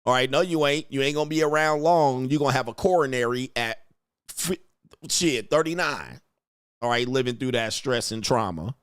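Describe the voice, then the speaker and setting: A male livestream host in a loose, profane ranting style, laughing at his own jokes and mocking as he goes. His voice sits mid-pitch and sounds close and dry, with no room around it. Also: normal speed, fairly bright tone, clear, resonant tone, no room sound. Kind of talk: casual livestream commentary reading superchats.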